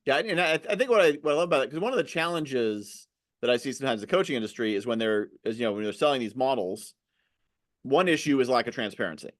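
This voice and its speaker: A man hosting a podcast interview, chatting casually and acting out pushy sales pitches in exaggerated voices. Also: quick pace. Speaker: podcast host.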